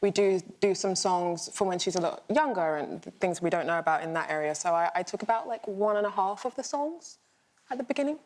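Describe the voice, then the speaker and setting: A woman's voice: fairly low pitch, a little fast. A woman appearing as an actress guest on a chat show, explaining her work in a thoughtful way.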